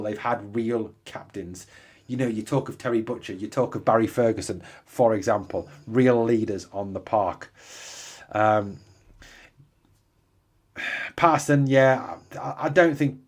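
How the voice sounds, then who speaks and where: A man's voice: medium pitch, breathy edge. A man hosting a live fan podcast, talking emphatically, repeating his points and asking listeners rhetorical questions. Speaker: podcast host. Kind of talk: live fan podcast chat, reading comments.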